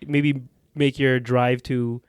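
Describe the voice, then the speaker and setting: A man's voice: medium pitch, flat delivery, slow pace, clear, resonant tone, no echo. A young man co-hosts a casual podcast and argues his side in a mid-range voice. He restarts and hedges as he talks. The sound is dry and close to the mic. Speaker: podcast co-host. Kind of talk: casual chat.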